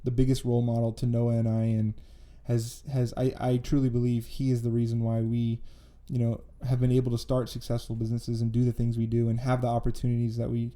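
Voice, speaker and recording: A man's voice: mid-range voice, completely flat delivery, a little fast, few pauses, dark tone. A young man, a business founder, talking earnestly in a casual interview with many fillers and repeated phrases.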